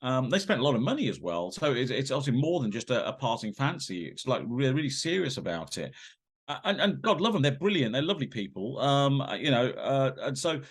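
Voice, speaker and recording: A man, a guest on an interview podcast, telling rambling, animated anecdotes with many fillers and restarts. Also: mid-range voice, a little fast, husky.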